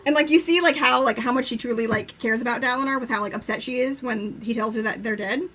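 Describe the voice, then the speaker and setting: A young woman co-hosting a casual live-stream book chat, enthusiastic and quick to swear, acting out quotes with laughter. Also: on the high side, crowd noise. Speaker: book discussion co-host.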